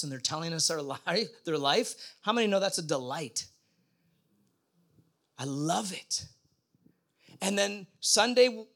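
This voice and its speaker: A man's voice: high voice, a bit bright. A middle-aged man preaching a sermon in a conversational way, often putting questions to the congregation. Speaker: pastor.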